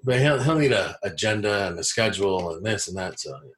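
A man's voice: lowish voice, lively intonation, a little fast, a bit bright. A man in his forties, a podcast guest, telling stories in a blunt, rambling way. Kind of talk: casual storytelling chat.

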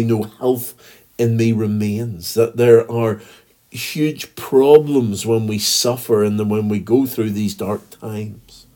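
A man's voice: fairly low pitch, a little mellow. A man with a Northern Irish accent giving a daily devotional as a pastor, earnest and reading scripture aloud. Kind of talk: daily devotional podcast talk.

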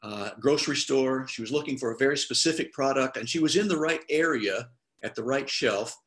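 A man's voice: medium pitch, fairly quick. A man preaching in a conversational way. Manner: conversational preaching with lively quoted voices. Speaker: pastor. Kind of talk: sermon.

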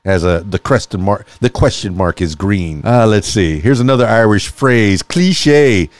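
A man's voice: on the low side, animated, a little slow, no echo. Upbeat man hosting a podcast. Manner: upbeat, chatty, laughs often. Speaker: podcast host. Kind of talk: casual solo podcast. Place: small radio studio.

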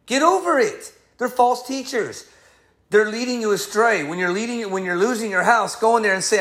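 An upset male pastor in full sermon, his voice sitting high for a man. He scolds and hammers each point, jumping between quiet asides and loud, heated outbursts. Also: lively intonation, normal speed. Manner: heated, scolding, emphatic preaching with sudden swings of loudness. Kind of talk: fiery sermon.

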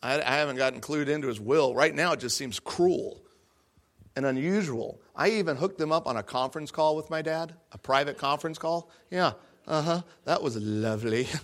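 A young man giving a guest talk to an audience, telling a personal story with jokes and acting out his own lines. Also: mid-range voice. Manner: animated, jokey, acts out his own lines. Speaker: guest speaker.

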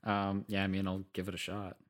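A man's voice: sits low, monotone, brisk. A man playing a tabletop game, talking hesitantly with lots of likes and ums and asking about the rules. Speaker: player. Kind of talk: casual tabletop play.

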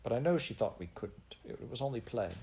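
A man reading aloud, voicing an earnest, gentle girl who sounds close to tears. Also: medium pitch, lively intonation, fairly quick, natural voice.

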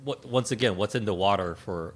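A man co-hosting a podcast, telling an anecdote in an animated, casual way. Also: lowish voice, fairly quick. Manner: storytelling, animated, laughs at own jokes. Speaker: podcast co-host. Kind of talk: casual chat.

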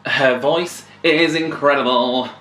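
An excitable man gushes through a casual album reaction, swearing and breaking into bits of the songs. His voice sits at an ordinary pitch for a man. The room is echoey, and loud music plays under his talk. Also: slow pace. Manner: excitable, swears, sings along. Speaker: music reaction channel host. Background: music playing.

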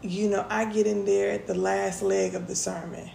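Woman podcaster, gravelly voice, mellow tone, chatty storytelling, echoey room. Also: medium pitch, flat delivery, moderate pace, slight background noise. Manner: chatty, addresses listeners as y'all. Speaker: podcast host. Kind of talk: casual storytelling. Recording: echoey room with faint ambience.

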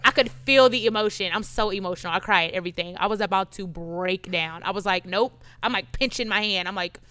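Bright, lively woman guest telling stories. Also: mid-range voice, quick pace, slight background noise. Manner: animated storyteller, acts out quotes. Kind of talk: casual interview chat.

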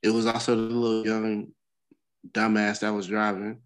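A man's voice: on the low side, completely flat delivery, moderate pace, rough recording. A middle-aged man, a podcast co-host, talking candidly in casual chat and swearing freely as he tells a story. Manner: candid, profane storytelling with bursts of laughter.

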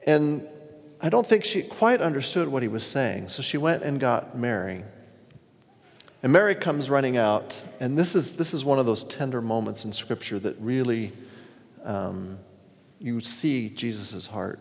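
In a hall with long reverb, a male pastor preaches a sermon, earnestly retelling scripture stories and reading passages aloud. His mid-range voice is creaky, a little slow, and lively in intonation.

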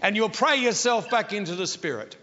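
A man's voice: high-pitched, animated, a little fast, bright, forceful tone. A man preaching a sermon, leading the congregation to repeat phrases back to him. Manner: leads the congregation in call-and-response. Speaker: pastor. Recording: echoey hall, dull sound.

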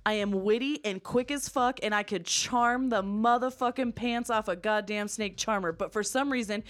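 A young adult woman hosting a podcast, telling a story in casual, profane, animated chat that often runs fast. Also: mid-range voice. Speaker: podcast host.

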